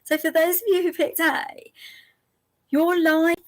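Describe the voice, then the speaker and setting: A woman's voice: very high-pitched, level tone. A woman hosting a live angel card reading, chatty and laughing often as she speaks straight to her viewers. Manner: repeats options slowly and gently.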